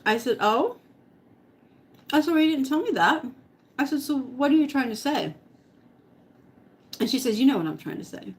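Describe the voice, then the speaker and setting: A woman's voice: high voice, big pitch swings, normal speed, pauses often, a little mellow. A middle-aged woman vlogger telling a story to her live chat, laughing often and eating as she talks. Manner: giggly, laughs often while talking; eating while talking.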